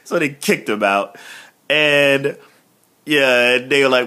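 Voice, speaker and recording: A man hosting a solo review podcast, talking casually and with a lot of profanity, excitable and laughing often as he retells scenes. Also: medium pitch, slow pace, long pauses, clear, resonant tone. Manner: profane, excitable, swings between mumbling and loud outbursts. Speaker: podcast host reviewing wrestling shows.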